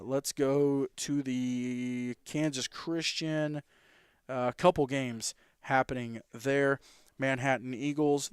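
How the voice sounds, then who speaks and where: A man hosting a sports talk show, running through high school football scores in a casual, quick way with fillers and self-corrections. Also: smooth, no room sound, clean studio sound.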